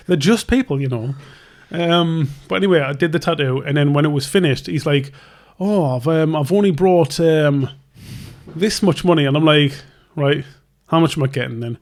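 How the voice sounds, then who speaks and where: Speaking at a moderate pace in a fairly high voice, this young tattoo artist and podcast host rambles through a long tale. He keeps cutting himself off to restart and plays both people in the exchange.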